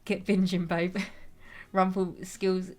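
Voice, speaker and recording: A woman's voice: lowish voice, flat delivery, takes it slowly, darkish tone. A young woman streaming a game, chatting casually, giggling and reading chat aloud.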